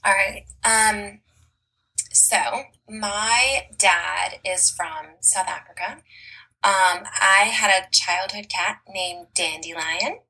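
Husky, bright-toned woman travel blogger. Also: medium pitch, slow, poor audio. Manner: cheerful, chatty, laughs often. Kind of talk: casual interview chat.

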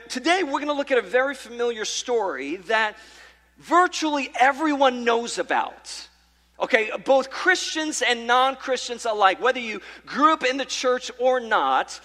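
A man preaching a sermon to his church, telling a story in an animated way with many fillers and restarts. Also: high-pitched. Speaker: pastor. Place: church sanctuary. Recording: reverberant church hall.

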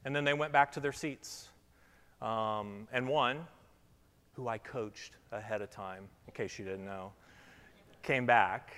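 A man's voice: fairly low pitch, takes it slowly, long pauses, a bit bright. Man preaching in a reverberant hall. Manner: chatty, playful with kids, then reflective. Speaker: pastor. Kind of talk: sermon with children's object lesson. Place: church sanctuary stage.

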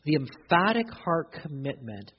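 A man's voice: on the high side, big pitch swings, unhurried, a little hiss or hum. A man preaching a sermon, emphatic, often restarting his phrases. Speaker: pastor. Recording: dull recording, long hall reverb.

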